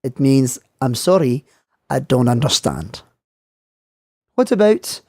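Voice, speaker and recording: A man teaching French in a scripted lesson, speaking clearly and saying model phrases slowly for learners. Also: medium pitch, big pitch swings, dark tone, dry recording, clean studio sound.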